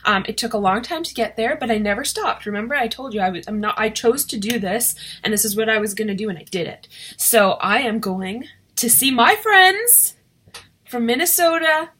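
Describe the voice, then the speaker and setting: A woman vlogging to camera in a fairly high voice, talking in a loose, rambling way full of ums and restarts. She sounds shaky and close to tears. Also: animated, normal speed, pushed and bright. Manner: rambling, emotional, many fillers and restarts. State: shaky and teary. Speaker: direct sales consultant vlogger. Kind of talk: casual emotional vlog to camera.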